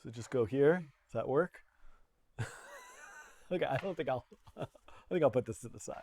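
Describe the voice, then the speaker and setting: A man's voice: medium pitch, expressive, moderate pace, gravelly, darkish tone, a little hiss or hum. A man hosting a live coding tutorial from a home studio, talking in a playful, chatty way and laughing at himself. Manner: playful, self-deprecating, chatty with frequent laughs.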